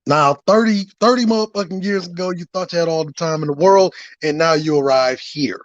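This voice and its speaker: A guest on a live stream, speaking wryly and unhurriedly in casual chat. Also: male voice, on the high side, a little fast, dry recording. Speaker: guest content creator. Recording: dull lo-fi stream audio.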